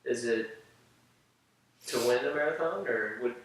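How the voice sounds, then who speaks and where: Interviewer, slow and bright, off-mic in a roomy space. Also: mid-range voice, a little hiss or hum. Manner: brief encouraging responses. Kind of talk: casual interview. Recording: echoey room, distant mic.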